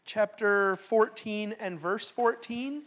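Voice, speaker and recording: A middle-aged woman leads a Bible study at an ordinary pitch for her sex. She leans hard into each verse she reads, then drops into easy, joking explanation for her class. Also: takes it slowly.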